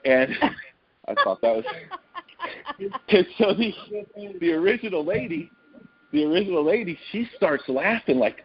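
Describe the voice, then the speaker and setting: A man's voice: a little high, highs cut off. A man speaking as a guest on a team call, telling a story and acting out the people in it. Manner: animated storyteller who acts out quoted people. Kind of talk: storytelling training talk.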